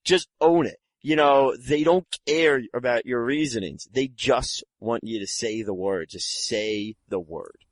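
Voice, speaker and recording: A man's voice: medium pitch, measured pace, hardly any pauses, no room sound. A man co-hosting a podcast, giving emphatic opinions in casual chat. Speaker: podcast co-host.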